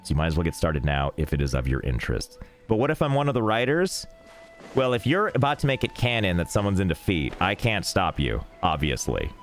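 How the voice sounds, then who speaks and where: A young man talks his way through a game stream in a somewhat low voice, dropping deadpan jokes and rambling asides. Faint game music runs quietly beneath him. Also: fairly quick. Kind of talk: casual gameplay streaming.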